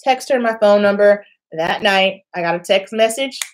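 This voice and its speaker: Animated young woman storytelling to camera. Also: mid-range voice, moderate pace, a little hiss or hum. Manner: animated, acts out quoted voices, laughs often. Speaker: beauty vlogger.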